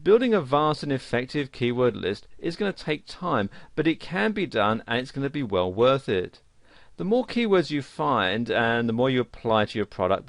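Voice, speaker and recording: Guy explaining a course, fry in his voice, dead dry mic. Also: mid-range voice, no echo. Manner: plain explanatory delivery with fillers. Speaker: course instructor. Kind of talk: screen-recorded tutorial narration.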